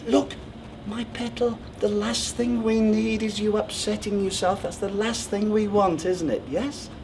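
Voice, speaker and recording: A man's voice: sits high, steady tone, measured pace, background noise. An actor playing a pompous, controlling man in a theatrical monologue, smug, condescending and over-precise in how he talks. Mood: patronizing. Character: pompous, controlling, self-assured man proposing. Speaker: stage actor. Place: theatre stage.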